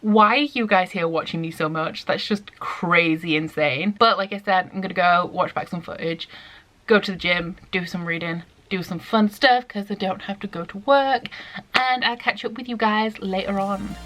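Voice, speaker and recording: A young woman chatting excitedly in a casual reading vlog, full of "like" fillers. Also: medium pitch, normal speed. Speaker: book vlogger.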